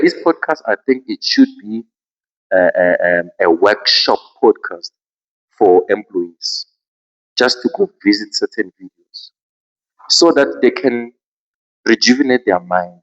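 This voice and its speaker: A man with a South African accent, hosting a podcast and telling a story in a casual, expressive way. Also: lowish voice, highs cut off. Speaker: podcast host.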